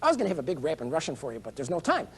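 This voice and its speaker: Brief: male political candidate, high voice, rambling and eccentric, digressive showman delivery. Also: wildly swooping pitch, rapid-fire, husky. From United States. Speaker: presidential candidate. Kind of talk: rambling campaign speech.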